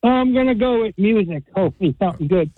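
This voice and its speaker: A man's voice: sits high, expressive, quick pace, no room sound. A man calling into a radio show, chatting casually and hesitating with fillers over the phone. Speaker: caller. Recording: tinny phone line.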